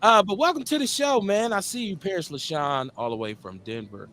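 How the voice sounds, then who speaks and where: A middle-aged man with a Midwestern US accent, hosting a live call-in show in a relaxed, slangy way and repeating his phrases. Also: sits high, fairly quick, slight background noise. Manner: laid-back, slangy, drawls and repeats phrases. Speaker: radio show host.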